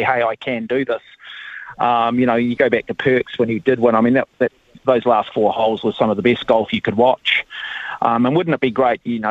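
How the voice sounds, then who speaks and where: A New man chatting on sports radio, his voice a little husky and dry in the studio booth. He rambles with plenty of fillers but stays eager about the game. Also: medium pitch, dry recording, narrow, tinny audio. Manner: rambling, filler-heavy, enthusiastic. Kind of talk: casual sports radio chat.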